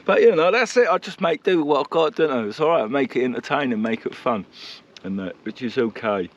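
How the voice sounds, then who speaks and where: Lively, chatty man outdoors. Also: medium pitch, brisk, highs cut off. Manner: chatty and self-mocking, laughs often. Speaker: vlogger. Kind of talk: casual vlog chat to camera. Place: outdoors at a countryside campsite.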